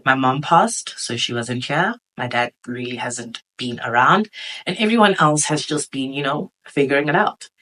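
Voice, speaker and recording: A woman's voice: rumbling low, lively intonation, moderate pace, fairly bright tone, a little hiss or hum, rough recording. A woman in her twenties hosting a podcast, talking candidly and reflectively in a conversational way, with plenty of fillers. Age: 20s. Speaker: podcast host.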